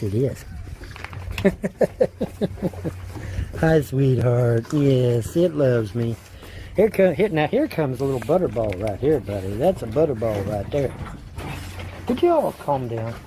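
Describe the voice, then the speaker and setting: Brief: man, mid-pitched, rambling outdoor phone narration, baby talk to pets. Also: big pitch swings, moderate pace, dark tone, a little hiss or hum. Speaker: man filming his property. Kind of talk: casual handheld video narration. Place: outdoors in the rain.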